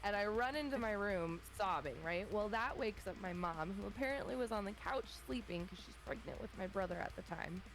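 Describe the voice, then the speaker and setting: A woman in her thirties telling a funny childhood story in a relaxed chat, acting out her family's voices. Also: mid-range voice, brisk, few pauses, soft background music, rough recording. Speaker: streamer guest. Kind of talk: casual storytelling.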